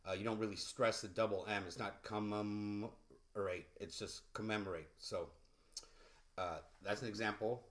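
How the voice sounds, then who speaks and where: A man teaching English pronunciation in a relaxed, casual way, with many fillers and restarts. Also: fairly low pitch, moderate pace. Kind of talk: casual vocabulary lesson.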